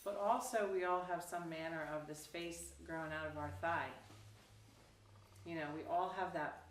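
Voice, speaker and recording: A woman Zen teacher giving a dharma talk, telling a story casually with lively acted quotes, recorded from a distance in a roomy hall. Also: fairly low pitch, normal speed. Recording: roomy, distant, faint background noise.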